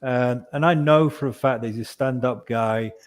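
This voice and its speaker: A man's voice: medium pitch, normal speed. A man on a panel chat, speaking earnestly and persuasively. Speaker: panel guest. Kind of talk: casual chat.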